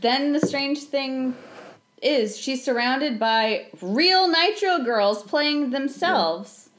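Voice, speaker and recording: A woman co-hosting a casual movie podcast, giving thoughtful, measured analysis. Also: high-pitched, animated, a bit bright. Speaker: podcast co-host.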